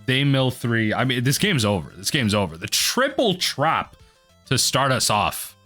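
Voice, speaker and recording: A man commentating his own card game match for a video, muttering quietly at times and then bursting into excited yells. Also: a little slow, soft background music. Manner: mutters low then erupts into excited yelling. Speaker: gaming video host.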